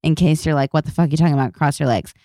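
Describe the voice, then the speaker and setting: A woman's voice: sits low, very fast, warm tone, no echo, clean studio sound. A young woman in her twenties hosting a podcast in casual, chatty talk, swearing freely and gushing at times. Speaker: podcast host. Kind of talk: casual chat.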